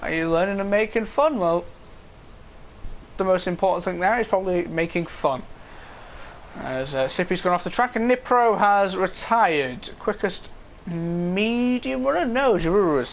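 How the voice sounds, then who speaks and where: A man's voice: high-pitched, expressive, normal speed, a little hiss or hum. Man commentating esports racing. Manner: casual, reads standings, chats with viewers' comments.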